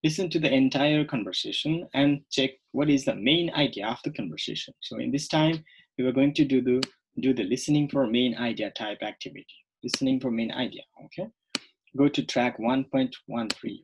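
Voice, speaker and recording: A man teaching a recorded online English lesson, speaking slowly and repeating words, often checking in with "okay?". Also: mid-range voice, noisy background. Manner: slow, repetitive, checks in with "okay?".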